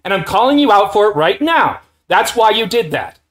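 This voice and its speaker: A man's voice: high-pitched, big pitch swings, moderate pace, fairly bright tone. A man debating online who presses his opponent insistently and accuses him of lashing out.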